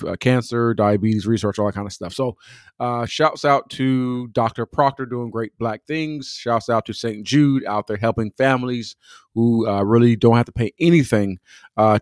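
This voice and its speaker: Casting: podcast co-host, man, easygoing and unhurried, mid pitch, dry close mic. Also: no room sound. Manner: relaxed, halting with fillers and restarts. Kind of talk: casual chat.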